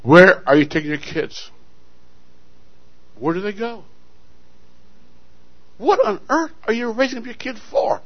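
A man's voice: high voice, very animated, measured pace, long pauses, dull audio. A male pastor preaching a sermon, telling a story dramatically and calling out to the congregation. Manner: dramatic storytelling, call-and-response.

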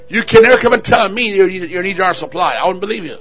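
A man preaching a fervent sermon at a church service, shouting and rousing the congregation with call-and-response. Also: high-pitched, fast, faint music behind.

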